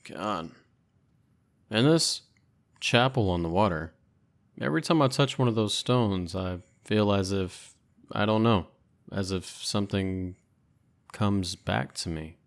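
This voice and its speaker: Laid-back male game commentator, low gravelly voice, unhurried. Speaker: gameplay commentator. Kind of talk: casual gameplay commentary.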